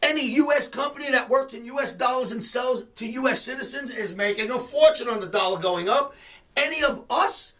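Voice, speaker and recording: Fired-up high-voiced man ranting about markets. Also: brisk, sharp tone, recorded from a distance. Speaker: trading educator and show host. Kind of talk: market commentary webcast.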